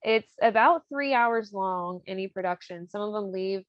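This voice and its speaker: A woman hosting a podcast, casually retelling an opera plot in a rambling way, full of fillers and quick laughs. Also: mid-range voice, no echo, muffled recording. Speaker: podcast host.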